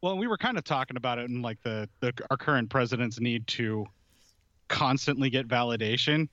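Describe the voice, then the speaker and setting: A man's voice: medium pitch, lively intonation, brisk, sharp tone, no room sound, highs cut off. A man chatting casually on a podcast, sarcastic and mocking, swearing freely. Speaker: podcast co-host. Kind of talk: casual political chat.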